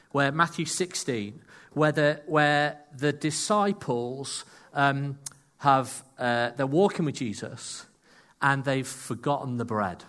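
A man delivering a sermon in an animated storytelling manner. He breaks off for self-deprecating asides, and his voice sits at an ordinary middle pitch. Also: slow pace. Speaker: preacher.

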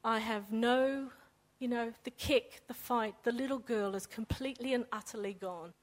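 Earnest woman sharing a faith testimony. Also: on the high side. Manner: earnest, halting, often repeats words as she restarts. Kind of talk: personal testimony talk.

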